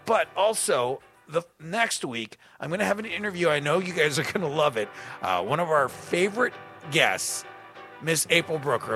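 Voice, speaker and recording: A male radio DJ talks in a chatty, rambling way between songs, with a bright, forceful voice. He drifts into self-deprecating asides as he goes. Faint music sits under his talk. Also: mid-range voice. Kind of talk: casual on-air chat between songs. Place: radio studio.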